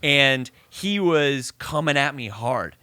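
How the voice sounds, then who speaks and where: A man's voice: medium pitch, slow pace, clear, resonant tone, no echo. A man co-hosting a podcast, telling a story in casual chat, swearing and acting out the voices of people in it. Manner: animated, swearing, acts out voices in his story. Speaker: podcast co-host.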